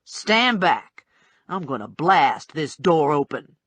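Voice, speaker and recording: A brash female bounty hunter, as a woman reader puts her on for an audiobook, all blunt streetwise slang and an unhurried drawl. The voice is husky and swings widely in pitch, recorded dry and close. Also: very animated, a bit bright, no echo, full character voice. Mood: bossy.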